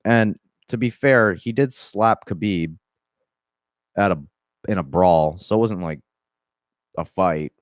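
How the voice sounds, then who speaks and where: A young man with a Southern accent talks casually about fighting news, in loose, profane bursts full of restarts and asides. His voice sits low, and the recording is dry and close. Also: slow, pauses often, no room sound. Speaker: MMA podcast host. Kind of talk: casual commentary.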